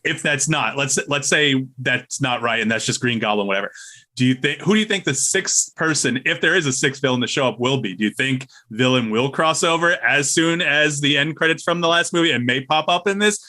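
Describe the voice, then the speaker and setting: A man's voice: mid-range voice, pushed and bright. A man co-hosting a podcast, chatting casually, teasing his co-host and asking questions. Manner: laughing, asks questions, teases co-host. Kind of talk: casual chat.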